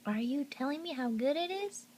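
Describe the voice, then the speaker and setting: A mother talking to her infant in gentle, coaxing baby talk. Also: high voice, lively intonation, normal speed, slight background noise. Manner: sing-song, gentle and coaxing.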